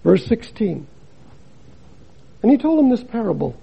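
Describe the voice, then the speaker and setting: Older gravelly man preaching dramatically. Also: high voice, sing-song, measured pace, pauses often, muffled recording. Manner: dramatic, swings between loud emphasis and hushed drops. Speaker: missionary preacher. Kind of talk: sermon.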